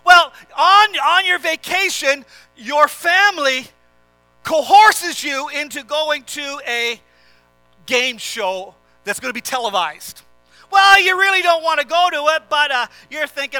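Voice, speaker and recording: Very high-pitched, bright-voiced preacher. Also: male voice, a little slow, no echo, soft background music. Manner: animated, vivid storytelling. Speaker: pastor. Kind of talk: sermon storytelling.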